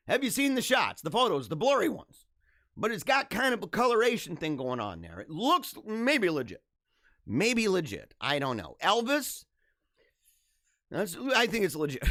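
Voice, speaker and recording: A man hosting a live show, giving casual, jokey commentary in an animated, ranting way and laughing often. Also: fairly high pitch, moderate pace, no room sound, studio quality.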